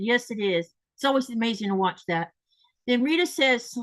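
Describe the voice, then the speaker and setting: A woman's voice: mid-range voice, expressive, normal speed, poor audio. A woman from the States, hosting a casual livestream and chatting as she reads viewer comments aloud. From Southern United States. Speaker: host.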